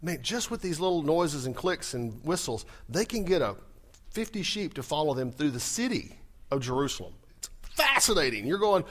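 Pastor guy preaching, fast and jokey, voice jumps all over, kinda high. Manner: animated, humorous, talks fast. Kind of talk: sermon.

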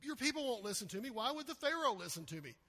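A man's voice: extremely high pitch, very animated, fast, bright, forceful tone, long reverb tail, voice pushed up, exaggerated voice. A man doing a whiny, despairing Moses. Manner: whining, complaining, stammering.

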